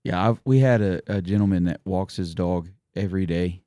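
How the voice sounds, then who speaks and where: A man's voice: low-pitched, normal speed, dark tone, no room sound, clean studio sound. A man co-hosting a podcast, chatting casually in an easygoing, agreeable way. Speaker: podcast co-host. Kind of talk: casual chat.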